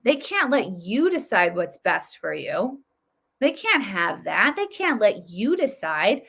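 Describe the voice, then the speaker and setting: A political vlog host in her thirties talks emphatically and casually on her own commentary video, with lots of fillers and restarts. Her mid-range voice is very animated yet slow, creaky and fairly bright, with a breathy edge.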